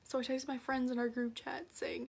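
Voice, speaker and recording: A young woman from Minnesota telling a personal story to camera in a soft voice that often drops into a breathy whisper. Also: high-pitched, level tone, normal speed. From Minnesota, USA. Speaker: vlogger.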